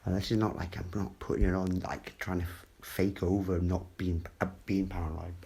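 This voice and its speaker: A man's voice: low-pitched, flat delivery, normal speed, a little mellow, husky. A man rambling and swearing in a late-night home monologue, often dropping into murmurs and whispers. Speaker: vlogger. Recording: noisy home recording.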